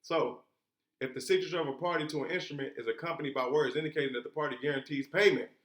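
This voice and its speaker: A man's voice: on the high side, steady tone, fast, a bit bright. Emphatic man teaching in an echoey room. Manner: emphatic, asks rhetorical questions and answers them; colloquial. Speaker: instructor. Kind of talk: informal teaching talk.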